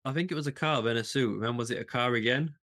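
A man's voice: mid-range voice, fast, a bit bright. A man co-hosting a casual podcast chat, talking enthusiastically with frequent restarts and laughs. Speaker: podcast co-host.

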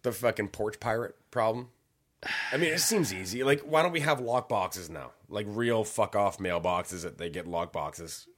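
A man casually telling a rowdy story on a podcast, swearing freely and jumping into high-pitched voices when quoting people. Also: moderate pace. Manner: animated, swearing, acts out voices with big pitch jumps. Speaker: podcast co-host.

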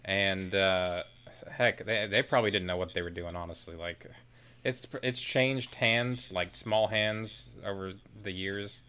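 A man's voice: low voice, a little slow, bright, forceful tone, clear, resonant tone. A man in casual chat, talking loosely and rambling a bit as a podcast co-host.

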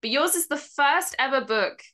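English woman host, bright lively voice, gushing fan energy. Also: high-pitched, normal speed. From England. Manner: gushing, enthusiastic, giggly. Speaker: podcast host. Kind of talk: casual interview chat.

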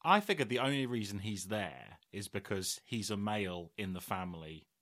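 A man with a low voice chatting casually about films on a podcast. He talks in a relaxed way, hesitating often and letting his sentences trail off. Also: normal speed. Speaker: podcast co-host. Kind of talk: casual film chat.

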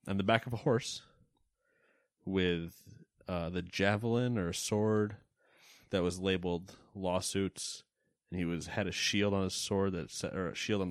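A man's voice: sits low, gravelly, no echo, studio quality. A man hosting a podcast, reading news items and making wry, joking asides in casual chat. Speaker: podcast host.

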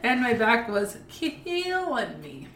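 A woman's voice: a little high, big pitch swings, slow pace, a bit bright, far from the mic, a little hiss or hum. Playful woman, off-mic in echoey room. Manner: playful, teasing, laughing. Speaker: podcast co-host. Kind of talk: casual chat.

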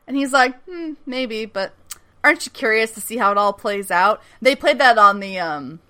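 A woman's voice: a little high, animated, normal speed, pushed and bright. A woman casually recapping a TV episode as a podcast host, laughing often, swearing, and acting out quotes.

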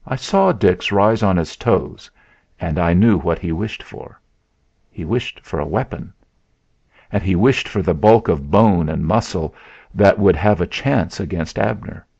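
Gravelly male storyteller. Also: low voice, darkish tone. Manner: measured storytelling. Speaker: story narrator. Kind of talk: scripted narration. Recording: dull lo-fi sound.

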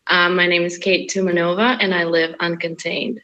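A woman's voice: on the low side, fairly even intonation, normal speed, pushed and bright, muffled recording. A woman from Russia, a guest in a casual interview, candid and earnest, who laughs often.

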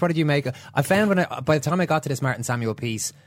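Fast-talking man joking about football. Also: a little high, no room sound. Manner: joking, quick, restarts sentences. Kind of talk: casual football discussion.

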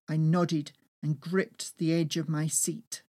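A woman reading her own travel memoir aloud with lively, expressive storytelling. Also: deep voice, slow. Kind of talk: first-person memoir reading.

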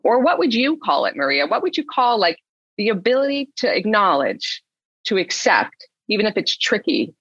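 A woman hosting a panel conversation, asking guests searching questions in a relaxed, meandering way. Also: medium pitch, moderate pace, slightly rough, no room sound, dull audio. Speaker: host, moderator. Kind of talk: casual conversation.

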